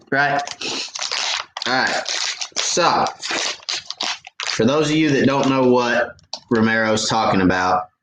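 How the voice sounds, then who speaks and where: A man's voice: medium pitch, a bit bright, slight background noise. Chatty man in a roomy echo. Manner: chatty, laughs at his own jokes, explains with detail. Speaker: fishing channel host answering viewer questions. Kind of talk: casual live Q&A stream.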